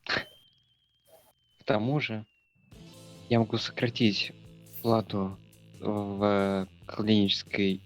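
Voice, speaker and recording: A man reading game lines in Russian, low. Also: steady tone, slow, pauses often. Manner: reads choices aloud in Russian, laughing at his own stumbles. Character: young man playing his game character in Russian. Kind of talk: playing a party game in Russian. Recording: faint game music behind.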